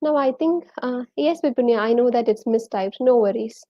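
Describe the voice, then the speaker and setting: A woman's voice: on the high side, moderate pace, mellow, dry recording, lo-fi sound. A woman with a Malayali accent teaching a live online English lesson, quizzing viewers and reading out their names and answers.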